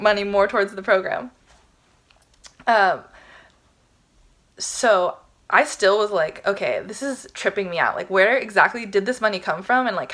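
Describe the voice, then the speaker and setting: A young woman tells a personal story straight to her audience in a loose, conversational vlog style. She talks in an animated way, filling her sentences with "like" and breaking into small laughs. At moments she lowers her voice to a near whisper, as if sharing something astonishing. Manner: animated, laughing, many "like"s, dropping to hushed whispers. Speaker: spiritual vlogger. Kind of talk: casual storytelling to camera.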